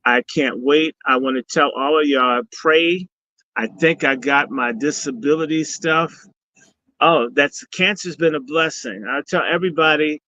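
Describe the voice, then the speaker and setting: A man's voice: a little high, pushed and bright, no room sound. A man speaking as a guest on a live stream, mixing preachy blessings with profanity. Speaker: guest speaker and summit organizer. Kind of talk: casual live-stream talk. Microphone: video call. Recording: dull lo-fi stream audio.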